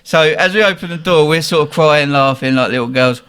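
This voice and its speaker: A young man tells a lively story in a casual chat, often breaking into laughter. He acts out the lines of his friends as he goes. His voice sits a little on the higher side. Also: a little fast, clean tone. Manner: laughing often, animated anecdote with quoted voices.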